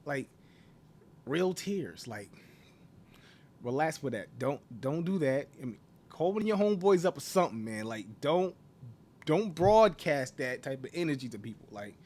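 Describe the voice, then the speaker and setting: Male vlogger, higher-pitched, rambling casual rant full of rhetorical jabs. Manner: rambling, repeats "like" and "you know", mocking rhetorical questions. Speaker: channel host. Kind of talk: casual opinion rant to camera.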